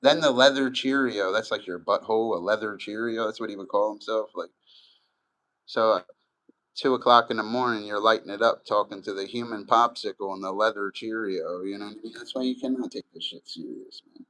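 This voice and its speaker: A middle-aged man streams live and talks in a loose, rambling way, full of swearing. His voice sits low. He drifts from story to story as he answers his chat. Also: a little fast, bright, forceful tone, rough recording. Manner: loose, profane, rambling and chatty.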